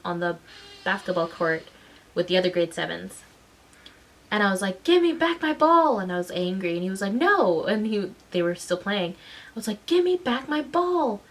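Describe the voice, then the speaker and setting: A mother and vlogger in a casual storytelling vlog, talking in an animated way and acting out the voices of people in her story. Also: fairly low pitch, rough recording. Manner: animated, acts out quoted voices.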